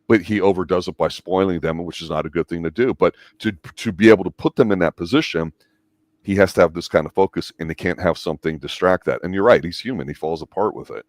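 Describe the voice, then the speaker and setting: A man co-hosting a casual movie discussion, arguing his points briskly and pushing back with counterarguments. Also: deep voice, dry recording, studio quality.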